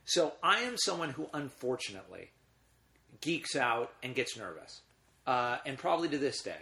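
A man's voice: mid-range voice, big pitch swings, moderate pace, vocal fry, bright, forceful tone. A middle-aged man, a guest in casual conversation, telling rambling stories with emotion and frequent restarts.

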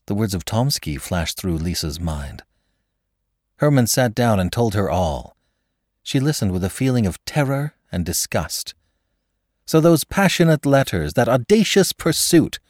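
Deep-voiced man reading a classic tale. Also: no echo, studio quality. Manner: expressive, dramatic storytelling. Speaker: podcast narrator. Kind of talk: scripted narration.

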